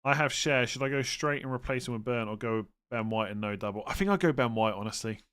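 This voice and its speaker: A man's voice: medium pitch, clear, resonant tone. A man hosting a live stream, chatting casually and thinking aloud as he answers viewers' questions. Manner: relaxed, thinks aloud with fillers and quick verdicts. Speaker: livestream host answering fantasy football questions.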